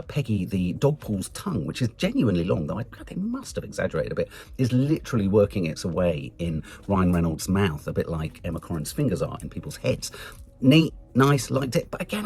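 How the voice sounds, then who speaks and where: A man with an English accent giving a chatty, animated film review, swearing casually and jumping into high mock voices. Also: slightly rough.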